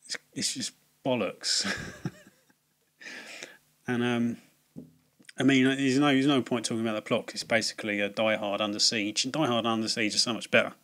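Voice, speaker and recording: A man's voice: medium pitch, little pitch movement, moderate pace, long pauses, a bit bright. A man giving a casual, rambling film review, full of fillers, restarts and swearing.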